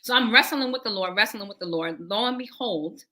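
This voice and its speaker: A woman preacher telling her testimony to a livestream audience, animated and acting out the conversations as she goes. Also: mid-range voice, fairly quick. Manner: animated storytelling that acts out dialogue and addresses listeners as y'all. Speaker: prophet and preacher.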